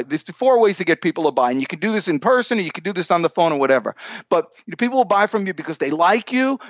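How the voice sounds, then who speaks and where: An animated man, a sales coach, tells stories on a podcast with a lively, rather high voice that swoops up and down. He acts out his dialogue with energy while standing. The sound is dry and a little dull. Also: no room sound. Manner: animated, upbeat storyteller who acts out dialogue. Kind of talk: storytelling in a podcast interview.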